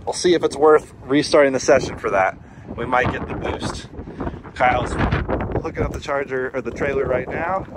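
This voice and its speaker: A man narrating a charging stop in a relaxed, wry way, joking to himself as he waits. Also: mid-range voice, normal speed. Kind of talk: casual vlog narration. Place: outdoors at a charging station. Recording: outdoors with wind buffeting the mic.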